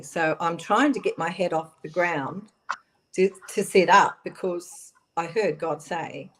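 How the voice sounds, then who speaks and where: A middle-aged woman telling a personal story on a radio interview, halting, with many fillers and restarts. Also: fairly low pitch. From Australia. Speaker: guest.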